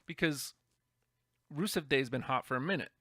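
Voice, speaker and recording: A man co-hosting a wrestling podcast, chatting casually with enthusiastic, quick asides. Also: medium pitch, pushed and bright, no echo, clean studio sound. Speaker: podcast co-host. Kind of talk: casual chat.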